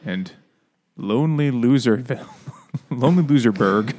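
A man's voice: medium pitch, animated, unhurried, a little mellow. A man co-hosting a casual podcast, riffing sarcastically and laughing often. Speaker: podcast co-host. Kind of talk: casual chat.

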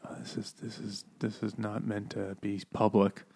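A man's voice: fairly low pitch, little pitch movement, vocal fry, a little mellow, slightly rough. Joking, profane man recapping a book. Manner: joking, profane, quick asides. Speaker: podcast co-host. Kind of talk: casual chat, recapping a book.

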